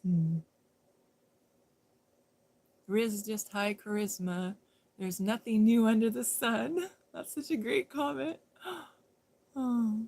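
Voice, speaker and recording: A woman's voice: on the high side, takes it slowly, vocal fry, long pauses, darkish tone. A woman chatting casually to her viewers on a live stream, rambling and restarting her sentences, often breaking into laughter. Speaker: livestream host.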